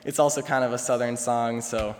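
A man's voice: medium pitch, fairly even intonation, a little fast. A young male student telling a personal story at a chapel service, casual and rambling with lots of fillers and restarts. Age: young adult. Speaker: student speaker. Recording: long reverb from a chapel hall.

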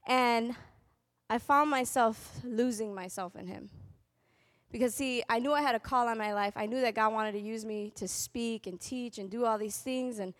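A young adult woman giving a spoken testimony at a convocation, telling her story with animated delivery and acting out what people said. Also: fairly high pitch, normal speed. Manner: animated storytelling, acting out quotes in shifting voices. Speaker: convocation speaker. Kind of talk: testimony talk to an audience.

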